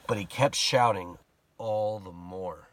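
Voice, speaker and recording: A man giving a casual sermon, retelling a Bible story in a conversational, animated way and acting out the people in it. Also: fairly low pitch, slow. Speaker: preacher.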